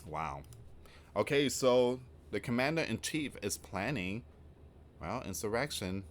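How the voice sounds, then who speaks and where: A man's voice: mid-range voice, sing-song, unhurried, a little hiss or hum. A man hosting an online news channel, reading out reports and then commenting on them in a rambling, informal way.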